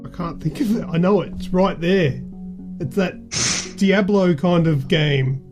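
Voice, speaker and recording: A podcast host running a word game in casual chat, teasing and animated. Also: mid-range voice, unhurried, dull audio. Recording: music playing underneath. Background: music.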